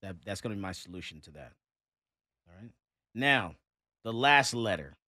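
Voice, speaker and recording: Lively-voiced man hosting talk radio. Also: on the low side, moderate pace, no echo, clean studio sound. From Texas. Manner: animated, mocking when reading a letter aloud. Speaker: radio talk show host. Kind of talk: casual talk radio, reading listener letters.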